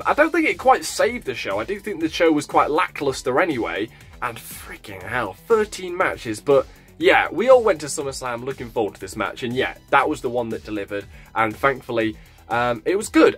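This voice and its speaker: Lively, blunt man reviewing wrestling. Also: a little high, fairly quick, breathy edge, faint music behind. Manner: blunt and animated, swears freely. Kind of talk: casual review vlog.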